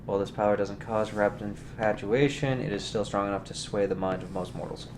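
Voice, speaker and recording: A man's voice: fairly low pitch, fairly even intonation, fairly quick, a little mellow, a little hiss or hum. A man playing a tabletop role-playing game, reading power rules aloud and hesitating over which power to use. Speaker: player. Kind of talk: casual tabletop game chat.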